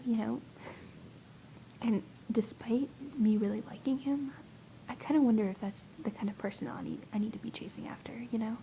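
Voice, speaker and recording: A young woman chats to a friend in a hushed, rambling whisper, hesitant and full of fillers. Her voice sits a bit high but sounds dark and gravelly. A faint noise hums behind her. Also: fairly even intonation, brisk, low-quality recording. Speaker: vlogger. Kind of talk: casual whispered video chat to a friend.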